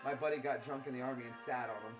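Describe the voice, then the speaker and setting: A man's voice: mid-range voice, fairly even intonation, rapid-fire. Rambling man chatting over game music. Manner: rambling, laughs at his own stories. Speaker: let's play host. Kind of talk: casual chat over gameplay. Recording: loud game music behind.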